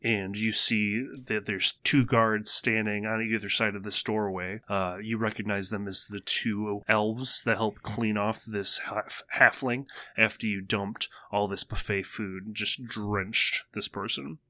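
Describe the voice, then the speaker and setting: A man's voice: fairly low pitch, fairly even intonation, measured pace, few pauses, sharp tone, dry recording. A man narrating a tabletop game as game master, casual and laid-back with swearing.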